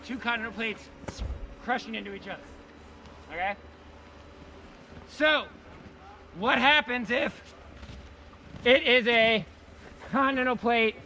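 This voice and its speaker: High-voiced playful male teacher outdoors. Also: slight background noise. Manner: playful, energetic, repeats key words. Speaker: science teacher. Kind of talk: outdoor hands-on lesson. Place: outdoors in snow.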